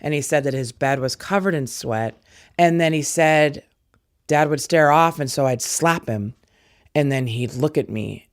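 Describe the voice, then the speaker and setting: A woman in her forties tells a personal story in a halting, intense way, acting out the lines she quotes. Her voice sounds dry and close to the mic. Faint music plays underneath. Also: sits low, no echo. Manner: intense, halting retelling that acts out quoted dialogue. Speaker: interviewee.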